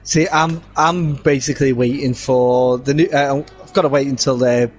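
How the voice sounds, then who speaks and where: A man's voice: mid-range voice, steady tone, normal speed, soft background music. A man co-commentating a sim race stream in casual chat, easygoing and hesitant with frequent fillers, on a headset.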